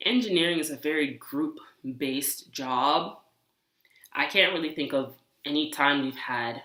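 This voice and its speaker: A young woman studying engineering, telling animated, exasperated stories in a casual vlog. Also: low-pitched, unhurried, reverberant. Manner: animated, exasperated, talks with hands. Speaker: engineering student vlogger.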